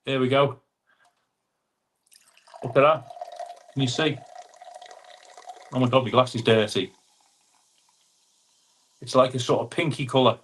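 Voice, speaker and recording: A man's voice: medium pitch, fairly even intonation, slightly rough. A man hosting a casual live chat, reading out viewer comments and calling people mate. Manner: chatty, calls viewers mate, quick asides. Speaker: livestream host. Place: home room. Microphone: wireless clip-on mic.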